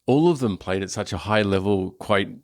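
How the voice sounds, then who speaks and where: A man co-hosting a casual golf podcast, speaking in a measured, thoughtful way. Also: on the low side, darkish tone. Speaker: podcast co-host.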